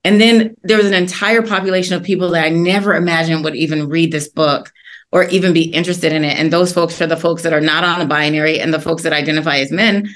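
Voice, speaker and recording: A woman author as a guest in an interview, telling stories in an earnest, animated way. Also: low voice, fast talker. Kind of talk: interview conversation.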